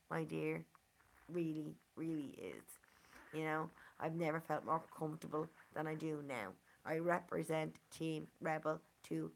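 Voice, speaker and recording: Slow, gravelly Irish woman from Dublin. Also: low voice, fairly bright tone. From Ireland. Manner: earnest, repeats 'you know' often. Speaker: community member speaking to a channel. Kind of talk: casual monologue.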